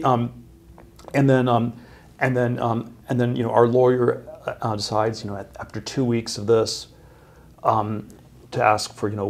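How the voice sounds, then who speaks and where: Gravelly, husky man with halting speech. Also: medium pitch, a little mellow. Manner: halting, many fillers and restarts. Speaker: interview guest. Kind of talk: casual interview storytelling.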